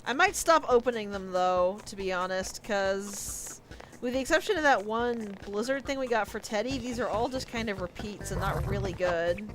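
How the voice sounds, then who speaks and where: A woman's voice: mid-range voice, normal speed. A woman giving casual let's-play commentary, thinking aloud and often saying "like". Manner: thinks aloud, chatty, frequent "like". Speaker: gaming streamer. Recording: game music playing behind.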